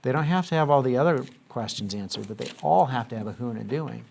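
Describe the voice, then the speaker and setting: A man's voice: mid-range voice, lively intonation, fast talker, creaky, a little mellow. Patient male teacher quizzing a class. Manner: patient, asks questions and has students repeat. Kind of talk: classroom lesson.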